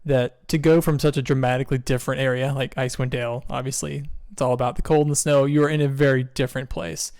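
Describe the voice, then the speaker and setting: A man running a tabletop game as game master, describing scenes in a relaxed way with fillers. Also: mid-range voice, fast talker, hardly any pauses, no room sound, studio quality.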